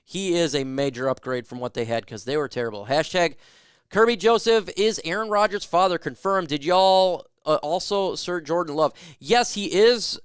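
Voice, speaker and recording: A sports talk livestream host with a somewhat high voice reads out viewer questions in a casual fan stream and fires back loose, joking opinions. His voice is clean and smooth, and the sound is dry and close with no room around it.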